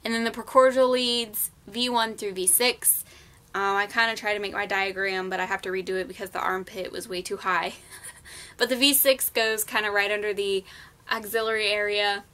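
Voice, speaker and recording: In a moderately paced, flat but pushed and bright mid-range voice, a young woman runs through her nursing class in a casual study vlog. She chats easily, uses many ums, and keeps her explanations plain.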